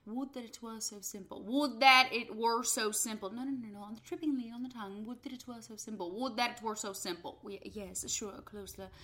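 A woman voicing a refined male film director who patiently coaches an actor, repeating a line over and over in a breathy, hushed voice. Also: on the high side, a little fast, hardly any pauses. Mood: coaxing.

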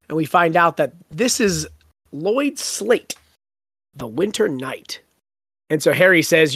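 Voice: mid-range voice, lively intonation, slow, pauses often, fairly bright tone, husky, no room sound. Chatty book podcast host, dry close mic. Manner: laughing, retells scenes with quoted lines. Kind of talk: casual book discussion.

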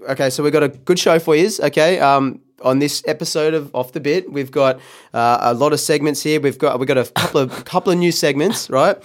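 A man co-hosting a casual podcast rambles along, full of ums and restarts, and laughs often. His voice is a little high and he talks fairly quickly.

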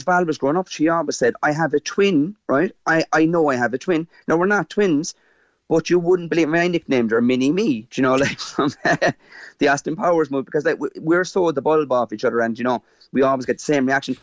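Irish man, 50s, Cork accent, animated halting storyteller, muffled dry line. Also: a little high, dry recording. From Ireland. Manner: animated, halting with fillers and restarts. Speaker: guest. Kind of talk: casual interview storytelling.

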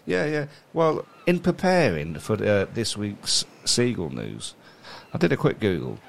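Low-voiced wry British podcast co-host. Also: male voice, wildly swooping pitch, unhurried, vocal fry, a little hiss or hum. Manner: rambling, reads news stories aloud with wry asides. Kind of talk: casual comedy podcast chat.

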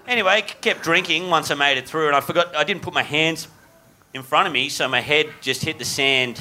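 A man's voice: on the high side, brisk, background noise. A man, a comedian guest, telling a rambling story on a live podcast, with laughs and restarts.

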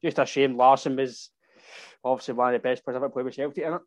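A man's voice: medium pitch, steady tone, quick pace, darkish tone, no echo. A man hosting a casual podcast chat, rambling through his questions. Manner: rambling, with many fillers and restarts. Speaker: podcast host.

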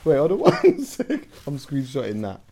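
A young man, co-hosting a casual podcast chat, animated and laughing often. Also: mid-range voice, moderate pace, vocal fry. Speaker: podcast co-host.

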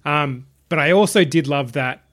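A man talking over a movie with a friend in an easy, relaxed way. He laughs often and slips into quoted lines as he retells scenes, keeping the tone loose and casual. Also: a little high, moderate pace. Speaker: film podcast co-host. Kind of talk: casual film review chat.

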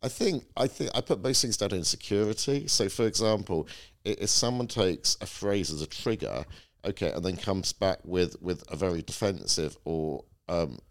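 Deep-voiced middle-aged dad. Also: male voice. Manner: reflective, measured, asks questions. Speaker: podcast co-host, father. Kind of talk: casual chat.

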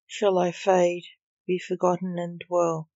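A woman's voice: lowish voice, completely flat delivery, takes it slowly, mellow, dry recording. A woman voicing the lost, frightened soul of a young woman, speaking fearfully and pleadingly. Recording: dull lo-fi recording.

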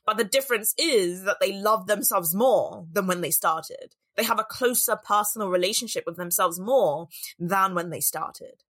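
Earnest female business coach, reflective solo talk, bright tone. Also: mid-range voice, moderate pace. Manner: earnest and reflective, acts out inner doubts.

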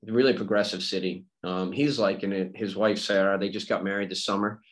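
A middle-aged man chatting as a podcast guest, telling stories in an animated way and laughing often. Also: sits low, low-quality recording. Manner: animated storytelling, quick imitations, laughs often. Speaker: guest, former player and coach. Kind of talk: casual conversation.

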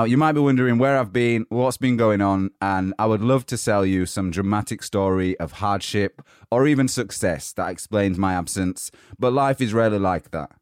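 A man hosting a motivational podcast, giving an upbeat, energetic pep talk while slightly out of breath. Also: fairly low pitch, no echo, studio quality. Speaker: podcast host.

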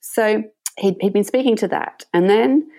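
A woman meditation teacher, a guest in an interview, telling a story in a gentle and reflective way. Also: mid-range voice, measured pace.

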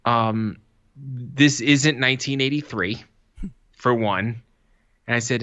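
A man's voice: mid-range voice, slow, pauses often, smooth, no echo, highs cut off. A man in his thirties co-hosting a podcast, chatting casually and telling profane stories, acting out what people said. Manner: profane, animated storytelling with acted-out quotes. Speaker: podcast co-host. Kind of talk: casual chat.

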